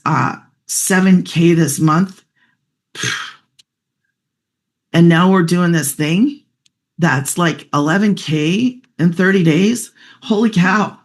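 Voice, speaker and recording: A middle-aged single mother sharing a personal testimonial, heartfelt and chatty, fighting back tears at times. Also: on the low side. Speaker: guest sharing her story.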